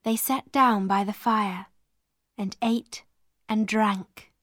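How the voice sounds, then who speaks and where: A woman reading a children's storybook aloud in a clear, measured way. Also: mid-range voice, fairly even intonation, a bit bright, dry recording, studio quality. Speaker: narrator.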